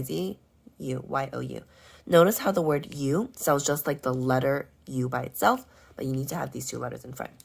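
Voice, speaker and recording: A woman teaching first graders, going over their homework and spelling out sight words slowly and clearly. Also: rumbling low. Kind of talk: homework walkthrough lesson.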